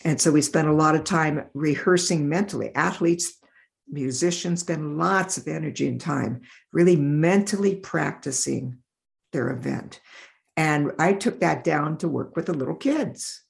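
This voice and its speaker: A middle-aged woman in a podcast interview, telling stories in an animated way and acting out the voices of the people in them. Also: low-pitched, measured pace, vocal fry. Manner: animated, acts out voices in her anecdotes. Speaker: developmental optometrist.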